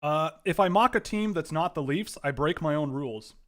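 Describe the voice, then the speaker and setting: Man, livestream host, slightly higher voice, rambling casual commentary, at home. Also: normal speed. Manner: rambling, animated, with restarts.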